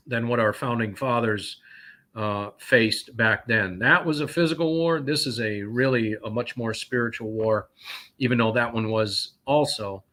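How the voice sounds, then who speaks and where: A trucker from North Carolina, on as a guest, tells stories in casual call-in talk, sounding indignant and rambling with lots of fillers. His voice is medium in pitch and a bit bright.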